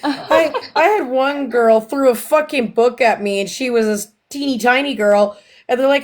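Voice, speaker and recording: A woman's voice: high-pitched, moderate pace. Blunt, profane woman telling a story. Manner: blunt and heavily profane, animated retelling. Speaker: livestream host. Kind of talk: casual livestream storytelling.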